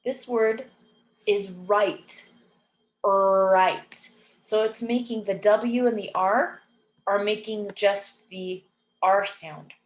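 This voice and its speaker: A woman teaching an English phonics lesson, saying each example word slowly and repeating it clearly and patiently. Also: mid-range voice, fairly even intonation. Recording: echoey room.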